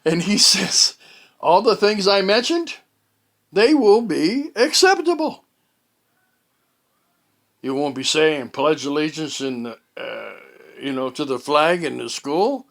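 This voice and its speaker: A man telling a casual, rambling story at home, halting often with fillers and restarts. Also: on the high side, animated, creaky, fairly bright tone. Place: at home, indoors.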